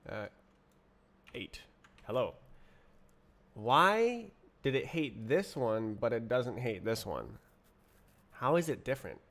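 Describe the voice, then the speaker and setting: A man streaming himself writing code, muttering to himself, puzzled and halting, with keyboard typing behind him. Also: mid-range voice, very animated, a bit bright. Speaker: streamer coding live. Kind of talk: casual livestream coding chat.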